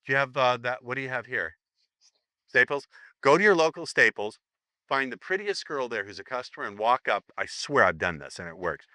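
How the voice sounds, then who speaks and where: A man's voice: medium pitch, lively intonation, fast, few pauses, pushed and bright, no room sound. A man teaching a live seminar, joking and rambling as he acts out sample lines for the room. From United States.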